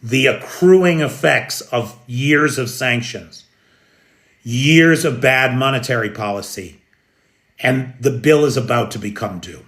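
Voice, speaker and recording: A man's voice: mid-range voice, slow, fairly bright tone. An American man giving live news commentary, emphatic and opinionated, calling out viewers by name. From United States.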